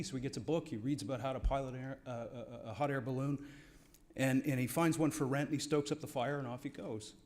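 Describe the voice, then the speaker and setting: A man's voice: mid-range voice, darkish tone. Male award presenter, wry after-dinner storyteller, mid-range voice, banquet podium. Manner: wry storytelling, playing to the room. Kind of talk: after-dinner speech with a joke. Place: banquet hall.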